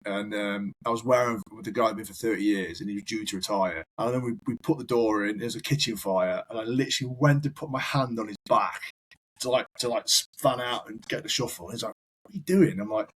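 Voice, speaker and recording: A man's voice: lowish voice, fairly even intonation, fairly quick, a bit bright, breathy edge, low-quality recording. A man, a firefighter guest on a podcast, telling long rambling anecdotes in casual chat. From United Kingdom. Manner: rambling anecdotal storyteller, repeats words.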